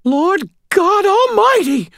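Squeaky querulous old woman. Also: very animated, moderate pace, no room sound, clean studio sound, exaggerated voice. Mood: alarmed. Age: older. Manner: querulous, scolding. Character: feisty squeaky little old woman with a revolver. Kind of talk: audiobook narration.

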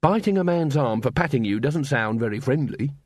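A man voicing a sharp, sarcastic young werewolf woman in dog form, in a dry, close audiobook reading. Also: medium pitch, animated, fairly quick, no echo, close to an everyday voice. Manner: tart, sarcastic.

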